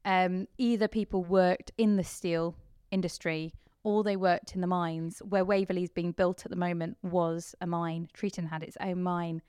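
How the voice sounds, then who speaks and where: A woman's voice: lowish voice, flat delivery, moderate pace, few pauses, darkish tone, clean tone, no room sound, studio quality. A woman vicar with a mixed English accent, with traces of Kent and Yorkshire, chatting as a podcast guest and laughing often. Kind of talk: casual interview chat.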